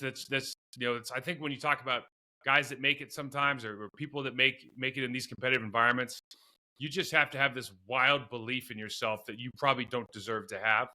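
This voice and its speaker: A man's voice: medium pitch, sharp tone. A middle-aged man, a former pro football player, telling long self-deprecating stories in a podcast interview, with many restarts and asides.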